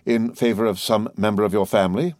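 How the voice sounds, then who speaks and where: A methodical notary presses his questions in a measured, formal way, read by a man in a lowish voice. It sounds dry and close, like a storybook reading. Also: fairly even intonation, a little mellow, no echo, close to an everyday voice. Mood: probing.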